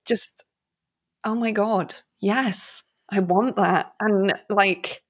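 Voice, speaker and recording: A pregnant woman host reacts to her guest with open enthusiasm and an unfiltered, casual manner. She speaks slowly, letting her feelings come through. Her voice sits mid-range for a woman. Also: mid-range voice, steady tone, slightly rough. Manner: effusive, candid, swears casually. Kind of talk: casual interview talk.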